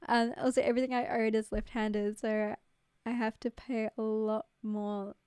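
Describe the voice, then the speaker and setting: A woman's voice: on the high side, level tone, normal speed, mellow, clean tone, no room sound, studio quality. A young woman chatting casually with viewers on a livestream, rambling and full of "like", with casual swearing. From New Zealand. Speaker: streamer. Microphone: studio mic.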